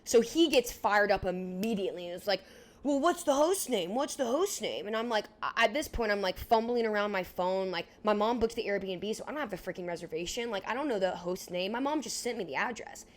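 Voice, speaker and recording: A young woman in her twenties co-hosting a podcast, telling a story in a casual, animated way, filling it with "like" and acting out what people said. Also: medium pitch, fairly quick, hardly any pauses. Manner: animated, heavy use of "like", acts out dialogue. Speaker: podcast co-host.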